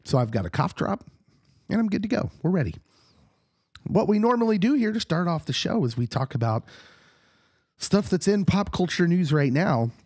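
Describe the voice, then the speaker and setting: A middle-aged man who co-hosts a podcast, talking casually while hoarse and husky from a recent illness, animated and laughing often. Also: high-pitched, normal speed, long pauses, no echo, studio quality. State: hoarse, getting over an illness. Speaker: podcast co-host, pastor.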